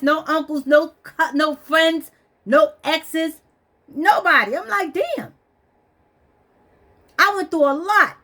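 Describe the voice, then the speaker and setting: High-voiced woman venting in frustration. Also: fairly bright tone. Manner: frustrated, blunt, swearing. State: stressed and weepy. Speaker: vlogger. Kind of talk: emotional personal vent.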